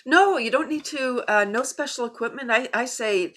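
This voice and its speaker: A woman guest in a casual interview, talking enthusiastically and laughing often as she explains. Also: moderate pace. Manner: animated storyteller, bursts higher and louder when excited. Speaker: guest, laughter yoga teacher.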